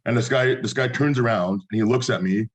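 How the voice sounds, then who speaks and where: A man's voice: mid-range voice, a little fast, poor audio. A young man co-hosting a podcast, telling stories and giving blunt opinions in casual chat. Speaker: podcast co-host.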